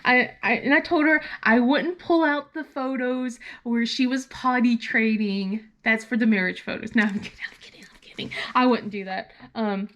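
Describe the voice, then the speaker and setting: A woman's voice: a little high, fairly even intonation, normal speed, few pauses, fairly bright tone, lo-fi sound. A woman vlogger chatting casually while crafting, rambling and laughing often.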